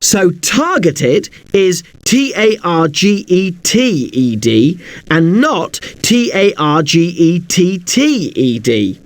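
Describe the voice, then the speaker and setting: A man with a high, lively voice teaches an English spelling lesson. He talks slowly and spells words out letter by letter. The recording is dry and close. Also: no room sound.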